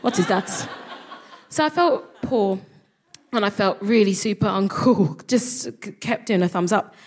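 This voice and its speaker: A young woman with a London accent, co-hosting a comedy show and telling stories to a live audience in an animated way, swearing freely and acting out voices. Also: medium pitch, a little slow. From London, England. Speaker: co-host. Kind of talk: comic storytelling before a live audience.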